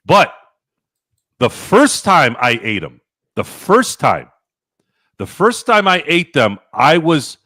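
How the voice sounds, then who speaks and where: A man hosting a podcast, telling stories in casual chat, animated and profane, acting out his own past lines. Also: on the high side, slow, long pauses, no room sound, clean studio sound. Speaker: podcast host.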